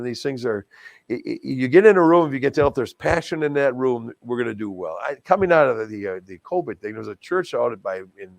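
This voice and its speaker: A middle-aged man from Wisconsin, a charity auctioneer telling stories in a casual interview, lively and self-deprecating, often restarting his words. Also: medium pitch, vocal fry, dry recording. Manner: animated, self-deprecating, many restarts and stammered repeats. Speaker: guest, charity auctioneer and stadium announcer.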